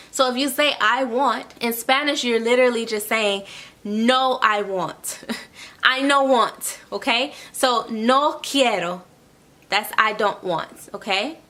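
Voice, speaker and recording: A woman with a bright, forceful voice pitched a little high teaches an online language lesson. She walks through each point patiently, repeating phrases and checking in with a quick "okay?". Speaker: Spanish tutor.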